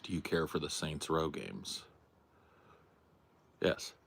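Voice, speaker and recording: A man's voice: animated, slow, vocal fry, a bit bright, breathy edge. A man streaming from home, answering viewer questions in a casual, offhand way. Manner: talks baby-talk to his dog in a high voice. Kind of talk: casual live-stream chat. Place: home, near a porch.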